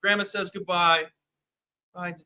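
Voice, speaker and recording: A man hosting a sports betting show, talking in a hyped, jokey, fast-riffing way. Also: high-pitched, little pitch movement, pushed and bright, smooth. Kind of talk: casual sports betting chat.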